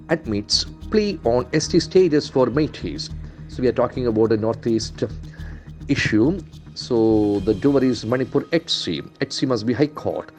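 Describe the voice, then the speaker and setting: A man's voice: mid-range voice, a little mellow. A man from India, an English trainer, going through newspaper headlines in a lesson, spelling words letter by letter and repeating their pronunciation.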